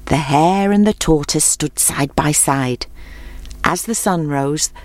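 A woman narrating a children's storybook in a clear, measured storytelling manner. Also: low voice, dry recording. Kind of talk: storybook reading.

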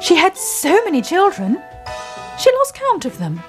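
Animated woman storyteller over music. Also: extremely high pitch, a little slow. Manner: animated, expressive reading. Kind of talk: scripted storybook narration.

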